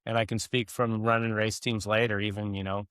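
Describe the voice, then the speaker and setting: A middle-aged man co-hosting a podcast, reminiscing in a relaxed, easygoing way. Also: fairly low pitch, a little fast, clear, resonant tone, no echo, clean studio sound. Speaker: podcast co-host. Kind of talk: casual podcast conversation.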